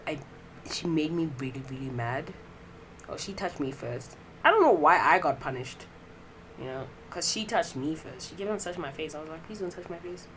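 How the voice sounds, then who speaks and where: A woman's voice: sits low, animated, normal speed, fairly bright tone, slight background noise, rough recording. A young woman hosting a podcast, talking in a casual, rambling monologue full of fillers and swearing. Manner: chatty and profane, rambling with many fillers. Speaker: podcast host.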